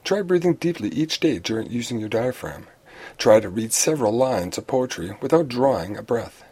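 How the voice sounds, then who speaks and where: A man reading a prepared talk of practical advice on public speaking, in a measured, instructive way with the odd small restart. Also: mid-range voice, sing-song, darkish tone, husky.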